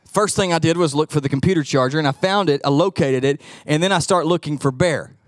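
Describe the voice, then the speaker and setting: A middle-aged man preaching a sermon as pastor, telling animated stories and acting out the voices in them. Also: on the high side, quick pace, no echo, clean studio sound. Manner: animated storytelling, acts out quoted voices.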